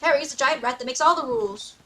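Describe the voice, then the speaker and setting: A woman's voice: high-pitched, fast talker, pushed and bright, low-quality recording. A young woman streaming a game, chatting casually and playfully, laughing often and dropping mock-old-fashioned asides. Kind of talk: casual gameplay commentary.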